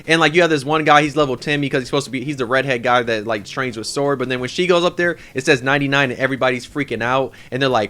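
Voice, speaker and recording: Fast, bright-voiced young man reviewing anime. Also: mid-range voice. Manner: excited, rambling retelling with lots of "like".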